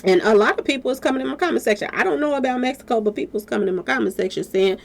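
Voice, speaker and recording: Animated woman commenting to her viewers. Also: on the high side, racing, creaky, hardly any pauses. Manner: animated, talks straight to viewers, rhetorical questions. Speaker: commentary vlogger.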